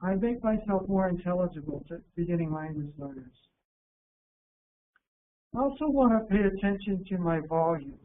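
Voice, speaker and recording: A man from the United States giving an instructional workshop talk to teachers, calm and deliberate, slowing down to stress key words. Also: high voice. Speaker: teacher educator presenting a workshop. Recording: narrow phone-like sound with faint hiss.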